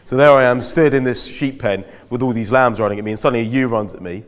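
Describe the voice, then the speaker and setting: A man's voice: medium pitch, fast talker. A man in a mid-range voice tells chatty, self-mocking stories to a school audience. His voice carries long reverb from a large hall. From Britain. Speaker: guest speaker at a school. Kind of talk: anecdotal talk to an audience. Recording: echoey hall.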